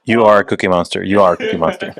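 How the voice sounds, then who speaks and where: A man's voice: deep voice, rapid-fire. A married man co-hosting a casual chat, making joking remarks. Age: young adult or older, married. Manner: joking, easygoing. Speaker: co-host.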